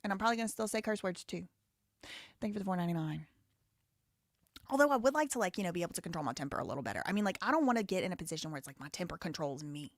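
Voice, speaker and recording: A woman's voice: expressive, very fast, no echo, clean studio sound. A woman from the Southern US hosting a live stream, reading super chats and giving blunt, outspoken commentary. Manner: blunt, outspoken, rising loud and high when heated. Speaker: livestream host.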